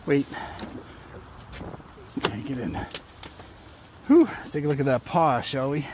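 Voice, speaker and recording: A man's voice: medium pitch, expressive, measured pace. Middle-aged male vlogger, mid-range voice, casual walk-and-talk, slightly winded, faint outdoor hiss behind. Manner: chatty, easygoing, talks to viewers while hiking. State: a little out of breath. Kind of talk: casual walking vlog. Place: muddy forest trail outdoors, windy.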